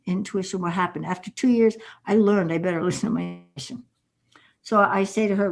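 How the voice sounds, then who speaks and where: A woman's voice: mid-range voice, brisk. An older woman, a guest author on a podcast interview, telling earnest stories with quoted dialogue.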